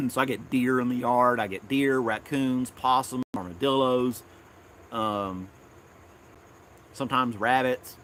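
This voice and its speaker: A man's voice: medium pitch, steady tone, slow pace, fairly bright tone, slight background noise. A man from Tennessee, hosting a casual live stream outdoors in his backyard, rambling and chuckling often.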